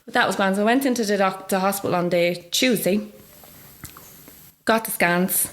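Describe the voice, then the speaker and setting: A woman in her thirties from Dublin speaks candidly in a broad local accent. She tells her story with lively re-enactments of what others said, her voice leaping high when quoting them, and nervous laughter breaks through now and then. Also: normal speed. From Ireland. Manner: animated, acts out voices with big pitch jumps, laughs nervously. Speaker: guest.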